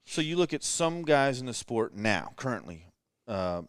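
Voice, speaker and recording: A man hosting a podcast in a relaxed late-night chat, rambling and thinking out loud as he goes. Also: medium pitch, normal speed, clean tone, no echo, studio quality. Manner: rambling, thinks aloud with fillers. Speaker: podcast host. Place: indoors in a rental house.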